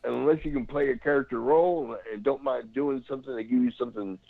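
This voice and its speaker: A man's voice: mid-range voice, fast talker, gravelly, no echo. A man, a former pro wrestler, telling rambling stories in a casual interview and imitating the people in them, heard over a phone line. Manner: rambling anecdotes, imitates others.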